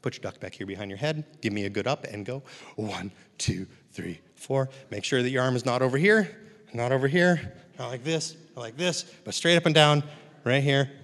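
A man's voice: mid-range voice, fast talker, fairly bright tone. A man leading a live puppetry workshop for a seated audience, upbeat and encouraging, with running jokes. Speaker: puppetry instructor. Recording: long hall reverb, speaker off mic.

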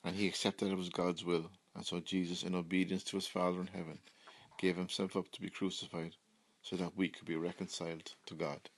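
A man preaching a Good Friday sermon, reading scripture in an earnest, measured way. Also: sits low, level tone, slight background noise.

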